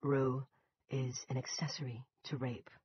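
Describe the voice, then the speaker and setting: A man voicing a firm, sharp-tongued woman newspaper editor in an audiobook. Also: extremely low pitch, little pitch movement, measured pace, husky, highs cut off, pitched above the performer's own voice, full character voice. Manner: firm, pointed.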